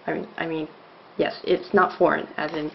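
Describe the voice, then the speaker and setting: A woman's voice: low-pitched, flat delivery, normal speed, gravelly, slight background noise. A woman giving a casual video lesson, explaining with many ums and restarts, recorded as a dull lo-fi home video. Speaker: language teacher.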